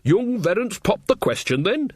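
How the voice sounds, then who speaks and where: A jolly old witch woman, as a male reader puts her on, chummy and a bit mumbling. She talks to calm others down, her voice bouncing lively and a touch higher. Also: moderate pace, slightly rough, dry recording, clean studio sound, full character voice. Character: cheerful old female witch, peacemaker.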